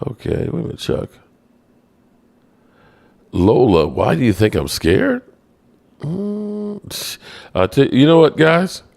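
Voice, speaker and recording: A low, gravelly man hosts a casual live-stream sports show at an unhurried pace. He is playful and self-mocking as he answers the chat. His voice swings widely and jumps high when he is exasperated. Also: darkish tone. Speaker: sports podcast host reading live chat.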